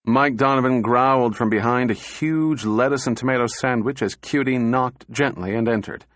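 A man narrating an audiobook in a steady, even reading voice. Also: mid-range voice, normal speed, few pauses, no echo, studio quality.

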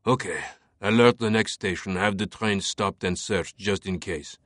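A man's voice: low voice, unhurried, a bit bright, dry recording, studio quality. A man voicing a commanding male police captain who gives clipped, curt orders in an audiobook. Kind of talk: audiobook character voice.

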